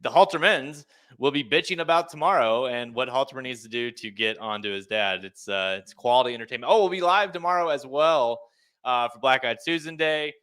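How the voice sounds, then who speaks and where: A man's voice: mid-range voice, a little fast, fairly bright tone. A man in his thirties co-hosting a podcast, talking loosely and laughing often. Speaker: podcast co-host. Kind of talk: casual chat.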